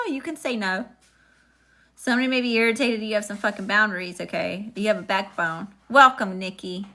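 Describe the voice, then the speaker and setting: With a medium-pitched, bright, forceful voice and a brisk delivery, this tarot reader keeps her live-stream casual. She's sassy and chatty, addressing viewers throughout.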